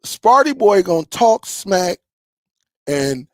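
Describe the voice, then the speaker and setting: A man's voice: sits high, very animated, takes it slowly, dry recording, studio quality. A man hosting a streaming tech channel, chatting loosely with his viewers in a rambling way and laughing often. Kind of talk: casual livestream chat with viewers.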